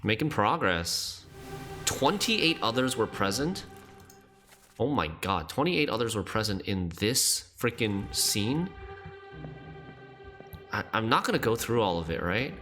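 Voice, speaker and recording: Brief: man, game streamer, chatty and bright, talks through puzzles aloud. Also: medium pitch, sing-song, measured pace, long pauses, faint music behind. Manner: chatty, thinks aloud, laughs easily. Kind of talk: casual game commentary.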